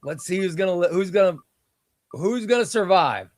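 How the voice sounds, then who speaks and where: A man's voice: sits high, expressive, normal speed. A man hosting a casual comic book livestream, chatting with viewers and calling out names as they are eliminated from a giveaway wheel. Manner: chatty, exclaims at each elimination.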